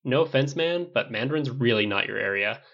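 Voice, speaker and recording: A man's voice: mid-range voice, animated, brisk, fairly bright tone, lo-fi sound. A man voicing a gangly nineteen-year-old delivery kid who teases bluntly and casually. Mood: joking.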